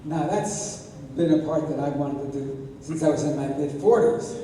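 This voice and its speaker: A man's voice: on the high side, normal speed, dark tone, a little hiss or hum. A man in his eighties, an actor answering fan questions at a convention panel, telling wry stories with many restarts. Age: 80s. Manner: rambling, self-correcting, wry. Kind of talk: convention Q&A storytelling. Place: large convention hall. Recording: echoey convention hall, far from mic.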